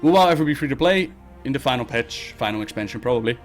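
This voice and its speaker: A man hosting a live Q&A stream, reading viewer questions aloud and answering them bluntly and briskly. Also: medium pitch, expressive, faint music behind. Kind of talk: casual live-stream chat.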